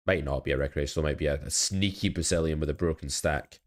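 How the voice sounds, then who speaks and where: Young man, low voice, casual stream host who talks to chat while he plays and coaches. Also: quick pace. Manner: chatty, self-critical, talks to chat. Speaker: poker coach streaming his play. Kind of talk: casual live-stream commentary.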